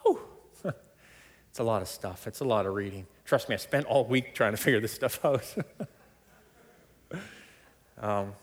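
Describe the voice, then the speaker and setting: Male pastor, sermon, emphatic, sudden loud stresses, laughs between points, echoing hall. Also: lowish voice, measured pace, pauses often. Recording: long hall reverb.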